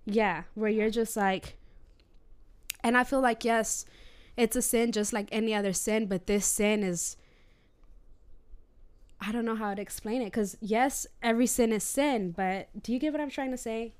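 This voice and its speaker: A woman's voice: a little high, steady tone, normal speed, pauses often, smooth. A woman co-hosting a Christian podcast, talking earnestly and personally about faith with small nervous laughs. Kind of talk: casual faith discussion.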